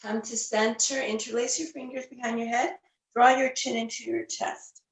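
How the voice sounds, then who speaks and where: Gentle woman yoga teacher, roomy and distant. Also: fairly high pitch, level tone, gravelly. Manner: gentle, unhurried cues with fillers. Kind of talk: guided yoga class instruction. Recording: roomy, voice a bit off the mic.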